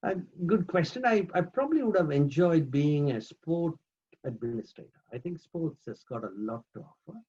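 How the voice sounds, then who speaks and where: A man answering interview questions in a relaxed, conversational way, hesitating often with fillers and repeated words over a video call. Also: fairly high pitch, normal speed, slightly rough, lo-fi sound. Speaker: guest, managing trustee of a charity.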